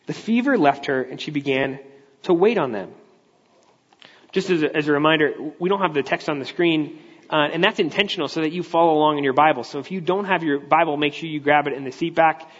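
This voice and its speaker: A fairly high-voiced man preaching in a big church, talking through the text in an easygoing, explanatory way and often restarting his sentences. The sound rings with long reverb from the hall and is somewhat dull and muffled. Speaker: pastor. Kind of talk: conversational sermon.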